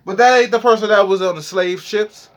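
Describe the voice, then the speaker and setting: A man's voice: high-pitched, fairly even intonation, fairly quick, lo-fi sound. A young man giving a heated, profane, preachy freestyle rant monologue.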